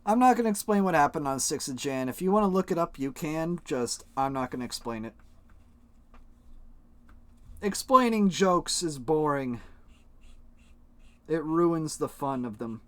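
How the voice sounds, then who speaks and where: Male streamer, animated pitch, dry close sound, casual and profane with chat. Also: unhurried, long pauses, no echo. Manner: chatty, swears casually, talks to chat.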